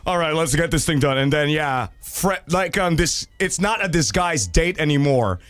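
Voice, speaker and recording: Animated high-voiced man. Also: normal speed, dry recording. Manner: animated and profane, laughing loudly, acting out quoted voices. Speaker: livestream host reading viewer stories. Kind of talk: casual livestream chat.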